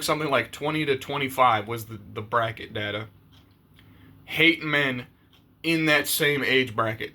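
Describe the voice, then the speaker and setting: A man with a bright, slightly high voice talks straight to camera in a loose, profane rant. He is blunt and conversational, swearing freely as he goes. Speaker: YouTuber.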